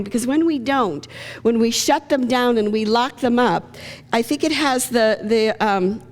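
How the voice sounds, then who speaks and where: High-voiced woman preaching in a reverberant church. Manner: conversational, acts out quoted lines with shifting voices. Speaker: pastor. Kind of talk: sermon. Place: church sanctuary. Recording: long reverb of a church hall.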